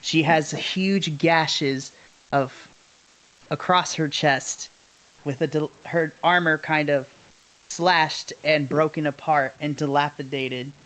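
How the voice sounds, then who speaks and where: A man's voice: on the high side, fairly even intonation, slow pace, a bit bright, rough recording. A man narrating a tabletop game as its game master in a laid-back, descriptive way. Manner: laid-back, descriptive, chuckles between lines. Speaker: dungeon master.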